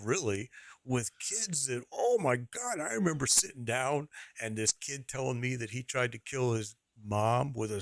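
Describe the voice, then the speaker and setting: Man, middle-aged, gravelly, dry close sound, casual rambling storytelling on stream. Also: mid-range voice, dry recording. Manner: rambling, repeats phrases, laughs through the story.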